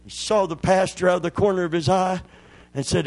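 A man's voice: high voice, fairly even intonation, brisk, rough recording. Folksy storytelling preacher, man. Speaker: pastor. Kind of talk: sermon.

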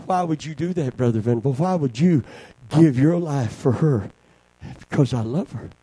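An older man preaching a sermon, swinging from shouted lines to hushed, quiet passages. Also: medium pitch, lively intonation, normal speed, slightly rough, no room sound, low-quality recording.

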